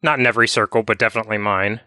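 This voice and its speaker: A man's voice: on the low side, steady tone, rapid-fire, bright, forceful tone, smooth, no echo, clean studio sound. A man in casual podcast chat about video games, thoughtful and meandering, leaning on filler words. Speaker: podcast co-host.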